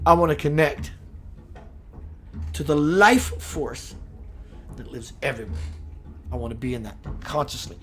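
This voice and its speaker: A man hosting a live-streamed spiritual talk, greeting viewers, reading their comments and shifting into slow, preachy passages. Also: on the high side, animated, fairly bright tone. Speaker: spiritual livestream host.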